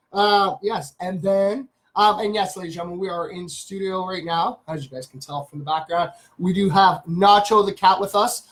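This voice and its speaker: Canadian male streamer, relaxed rambling host chatter. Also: high-pitched, fairly quick, hardly any pauses, poor audio. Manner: chatty, greets viewers by name, rambling. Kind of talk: casual live stream chat.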